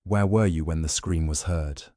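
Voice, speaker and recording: A man voicing a brilliant, fastidious detective who questions suspects gently and precisely. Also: rumbling low, no echo, studio quality. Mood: probing.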